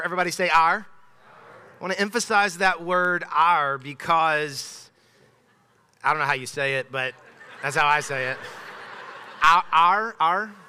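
Bright-voiced man preaching in a church. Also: on the high side, clear, resonant tone. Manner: conversational, emphatic, with frequent restarts. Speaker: pastor. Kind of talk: casual sermon. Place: church sanctuary. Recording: long church hall reverb.

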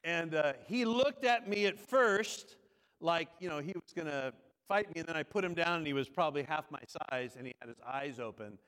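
Male pastor, middle-aged, chatty storytelling sermon; slightly higher voice with a hall echo. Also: lively intonation, moderate pace, fairly bright tone. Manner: conversational storytelling, asks the congregation questions. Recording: long hall reverb.

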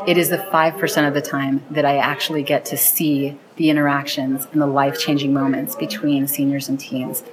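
Low-voiced woman, earnest and enthusiastic. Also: little pitch movement, brisk, hardly any pauses, crowd noise, low-quality recording. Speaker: founder of a program linking teens and seniors. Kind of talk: interview conversation.

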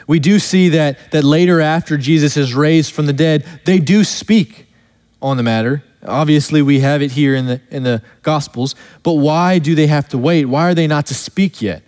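A man preaches in a somewhat high voice, and his words trail off into the long reverb of a church sanctuary. He reads scripture slowly and with weight, then moves on in earnest explanation. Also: darkish tone. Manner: earnest expository preaching, slows down to stress quoted verses. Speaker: pastor. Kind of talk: sermon.

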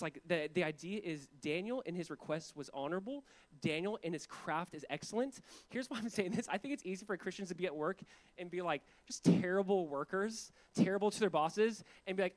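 A man preaching a sermon to his church in a casual, joking style, full of asides and quick laughs. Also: high-pitched. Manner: conversational, jokey preaching with frequent asides and laughs. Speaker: pastor.

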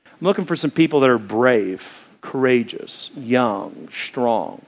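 A preacher doing a fervent middle-aged doomsday zealot who drops his voice low and leans in. The urging comes out hushed and conspiratorial, pressing for recruits. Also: lively intonation, slow pace. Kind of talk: acted quotes in a sermon story.

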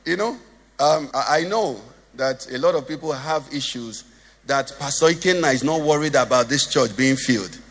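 A man's voice: mid-range voice, lively intonation, normal speed, in a large hall. A Nigerian man preaching a sermon as pastor, joking and asking the congregation questions. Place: church hall.

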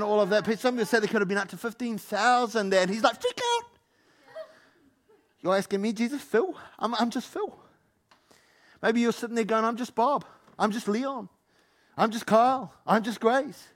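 A man preaching a sermon as pastor, animated, acting out Bible figures and joking with the congregation. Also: high voice. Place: church hall.

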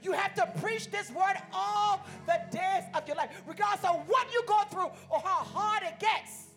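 Woman pastor, very high voice, fiery call-and-response sermon, organ music under her. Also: moderate pace. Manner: call-and-response preaching, builds to shouting. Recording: music playing behind.

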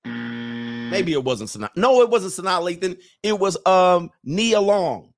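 Chuckling as his thoughts wander, a livestream host rambles casually while reading viewer comments aloud. His voice is high-pitched with lively intonation, and he speaks unhurriedly.

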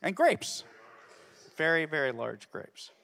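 A man's voice: on the high side, sing-song, slow, gravelly, fairly bright tone. A man telling a Bible story to children as a ministry teacher, constantly checking in with "okay?". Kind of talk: Bible story lesson for kids. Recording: long reverb of a hall.

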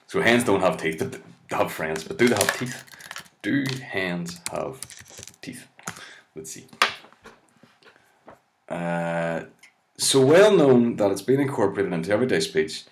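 Man, comedian, low voice, sweary, exasperated, mocking, reading aloud. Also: very animated, unhurried, long pauses, slight background noise. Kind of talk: comic reading of web articles.

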